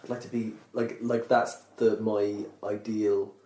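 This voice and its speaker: A man hosting a podcast in a low, mellow voice, circling his thoughts with loose fillers and casual swearing. The recording sounds roomy, with echo off the walls. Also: little pitch movement, unhurried. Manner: rambling, sweary, full of fillers. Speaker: podcast host.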